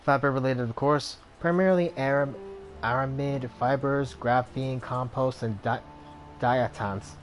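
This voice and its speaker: A man reading a proud, courteous master tailor from a game, formal and eager to sell. The voice sits at a middle pitch, with faint music beneath it. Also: measured pace, natural voice, rough recording.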